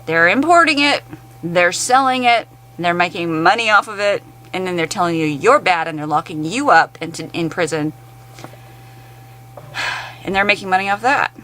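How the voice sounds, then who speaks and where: A woman's voice: lowish voice, expressive, normal speed, pushed and bright, poor audio. A woman in an angry, blunt, profane rant to camera. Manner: blunt, heavily profane, exasperated.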